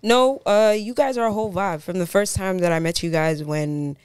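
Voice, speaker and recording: A woman chats as a podcast guest, emphatic and full of slang. Her voice is smooth and resonant, recorded close and dry. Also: medium pitch, normal speed, darkish tone, no room sound. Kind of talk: casual chat.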